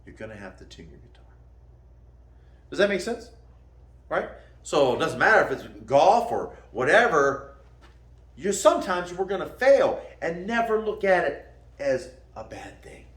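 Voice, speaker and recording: A man teaching martial arts gives a casual motivational talk, laughing at his own jokes. His voice sits high and swings widely in pitch. The room around him echoes. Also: a little slow, pauses often. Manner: animated, folksy, laughs at own jokes, calls listener "man".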